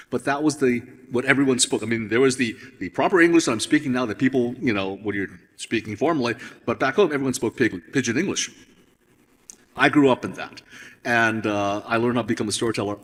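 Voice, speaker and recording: Brief: male storyteller from Hawaii, husky, reflective and rambling, reverb of a large hall. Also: medium pitch, fairly bright tone. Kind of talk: storytelling talk on stage.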